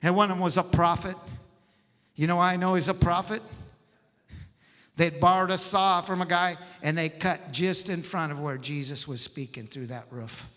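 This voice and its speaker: A man preaching a storytelling sermon in a folksy, animated way, laughing often. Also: sits high. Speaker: pastor. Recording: echoey church hall.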